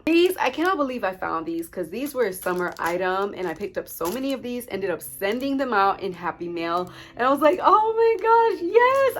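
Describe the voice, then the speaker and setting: A woman vlogger talking casually through a craft haul, gushing and excitable, and she keeps calling her viewers friends. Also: mid-range voice.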